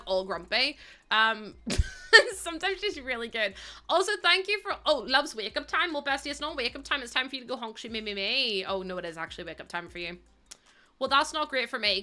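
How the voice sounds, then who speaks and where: A young woman with a medium-pitched, pushed, bright voice livestreams a life-sim game. She chats casually with her viewers and the game characters, laughing often.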